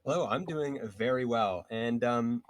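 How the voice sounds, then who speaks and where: A man playing on a live-streamed game show. He speaks in a playful, theatrical way, with a mid-pitched voice. The sound is dry. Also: unhurried, dry recording. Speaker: player. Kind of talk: casual live-stream chat.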